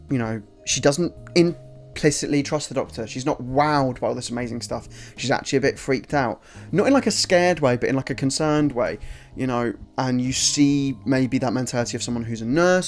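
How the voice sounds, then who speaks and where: A man's voice: medium pitch, a little mellow. A man giving a casual, enthusiastic spoken review of a TV episode, rambling with restarts.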